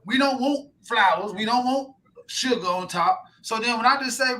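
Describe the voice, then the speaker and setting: A man's voice: extremely high pitch, normal speed. A man co-hosting a casual podcast chat, talking bluntly with plenty of swearing and acting out quotes in other voices. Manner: animated, blunt, swears freely, acts out quotes. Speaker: podcast co-host.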